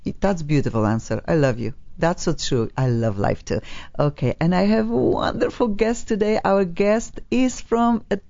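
A woman's voice: lowish voice, normal speed, creaky, mellow. A woman hosting a radio talk show in a studio, chatting playfully with guests, stretching words for emphasis and sounding a bit sleepy. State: sleepy, low on energy. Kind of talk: casual radio chat. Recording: slightly dull radio broadcast sound.

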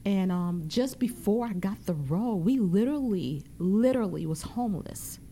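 A woman from the British Virgin Islands speaks as an actress and guest on a radio show. She tells her story in a warm, earnest way, at a middle pitch. A faint hiss sits under her voice. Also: animated, moderate pace. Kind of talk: casual radio interview.

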